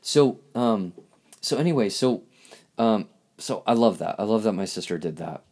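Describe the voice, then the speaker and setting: Man, podcast host, low voice, halting reflective monologue, emotional, restarts often. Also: lively intonation, darkish tone, breathy edge. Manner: halting, searching for words, emotional.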